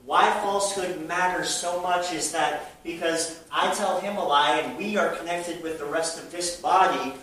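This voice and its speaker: A man's voice: on the high side, normal speed, few pauses, fairly bright tone. Man preaching in a very echoey church. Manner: emphatic preaching with rhetorical questions. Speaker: pastor. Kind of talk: sermon. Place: church sanctuary. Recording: very echoey room from far off with faint noise.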